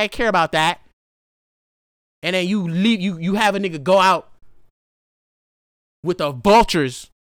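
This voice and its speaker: A young man hosting a podcast, talking through a raw, profane solo monologue that swings from hushed to loud outbursts. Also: high-pitched, no echo, studio quality. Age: young adult. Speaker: podcast host.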